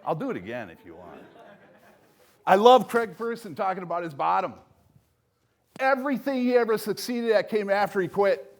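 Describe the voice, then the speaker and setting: A man's voice: sing-song, moderate pace, long pauses. Emphatic older man giving a motivational talk. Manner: emphatic, swings between loud punches and soft lows. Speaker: speaker at a recovery event. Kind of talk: motivational speech.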